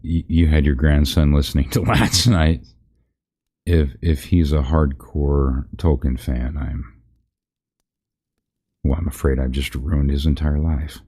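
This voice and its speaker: A man's voice: extremely low pitch, fairly even intonation, a little slow, long pauses, warm tone, slightly rough. A man reading a parody fantasy story aloud on a live stream, chatting with viewers and laughing at his own slips.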